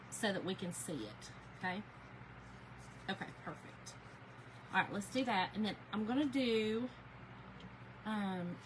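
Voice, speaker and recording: A chatty woman with a Southern US accent hosts a crafting livestream, talking straight to her viewers in a folksy, easygoing way and laughing often. A steady hum of background noise sits clearly under her voice. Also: medium pitch, poor audio. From Georgia, US South. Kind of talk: casual livestream chat.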